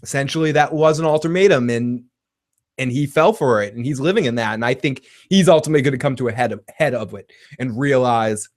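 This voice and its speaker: A man hosting a casual show that recaps a TV episode, excitable and profane, laughing often as he retells scenes and reads out viewer comments. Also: mid-range voice, brisk. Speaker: podcast host reviewing a TV episode.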